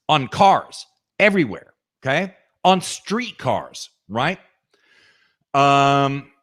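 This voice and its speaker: Slow, emphatic male podcast co-host. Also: medium pitch, a bit bright. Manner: emphatic, keeps asking "okay?" and addresses the listener directly. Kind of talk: opinionated podcast talk.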